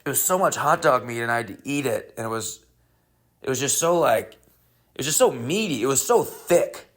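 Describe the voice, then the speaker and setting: A man hosting a comedy podcast, telling a rambling, deadpan story with crude jokes in a casual monologue. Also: medium pitch, fairly quick.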